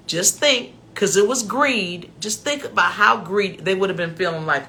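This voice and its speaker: A woman hosting her own show, talking in a casual, animated and rambling way that slips into preaching. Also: mid-range voice, a little slow, slight background noise. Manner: preachy, lecturing. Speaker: show host. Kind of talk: casual commentary.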